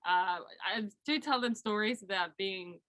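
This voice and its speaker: A woman's voice: medium pitch, unhurried, bright, forceful tone, dry recording. A young Australian woman, a college basketball player, chatting and giggling on a video call interview. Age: young adult. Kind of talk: casual interview chat.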